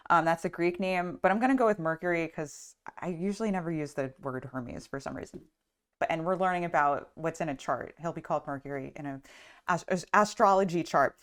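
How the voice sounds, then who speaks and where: A woman with a slightly low voice teaches astrology through a retold myth. She talks in a chatty, rambling way, full of fillers and asides. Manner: chatty, lots of "like" and "um". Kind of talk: casual storytelling lesson.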